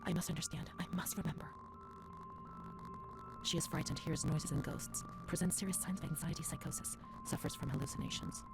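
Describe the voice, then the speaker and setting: A troubled young woman, voiced by an actress, reads old asylum papers in a hushed and uneasy game narration. Her voice sits low and turns gravelly, slipping into whispers. Game music plays clearly underneath. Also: fairly even intonation, natural voice. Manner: measured, uneasy reading.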